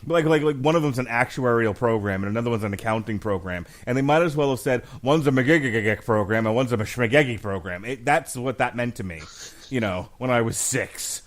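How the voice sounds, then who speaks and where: A man in his forties hosting a podcast and arguing a case about a film with emphatic, animated delivery and frequent laughter. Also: medium pitch, fairly quick. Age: 40s. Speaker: podcast host. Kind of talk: mock-trial film debate podcast.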